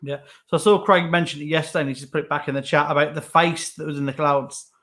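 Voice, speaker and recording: A man's voice: fairly high pitch, steady tone, fast, fairly bright tone. A man co-hosting a casual live chat show, easygoing with self-deprecating banter. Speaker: co-host.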